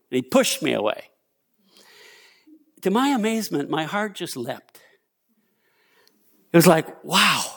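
An older man delivers a sermon with a lively, swooping voice that rises and falls as he tells his story. His pitch sits a little above the usual for a man, and he acts out the quotes he tells. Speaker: preacher.

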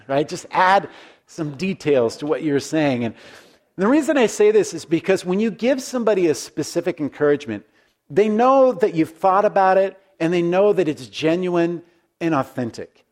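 A male pastor giving a relaxed, conversational sermon. His voice sits a little higher than most men's, and he talks in an earnest, folksy way, often restarting his phrases as he goes. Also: normal speed.

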